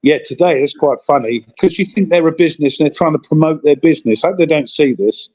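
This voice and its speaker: A man's voice: a little high, quick pace, darkish tone, highs cut off. A man in casual chat, telling rambling stories while calling in from a convention hotel. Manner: rambling, chatty storytelling.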